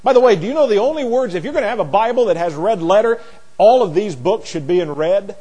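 Animated preacher man, lively pitch. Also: fast talker, husky. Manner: animated, swings from soft and low to loud and emphatic; teaching Bible word by word, with restarts. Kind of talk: sermon.

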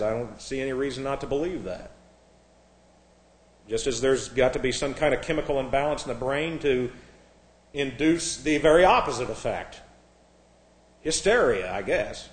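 A man's voice: mid-range voice, echoey room. A man preaching a sermon from a pulpit, fervent and emphatic, often restarting and repeating words. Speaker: pastor. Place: church, at a pulpit.

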